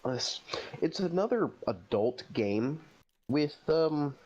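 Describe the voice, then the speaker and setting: A man's voice: on the high side, big pitch swings, takes it slowly, darkish tone. A man co-hosting a casual chat over a remote call, rambling with lots of filler words. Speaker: co-host. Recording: dull lo-fi call audio.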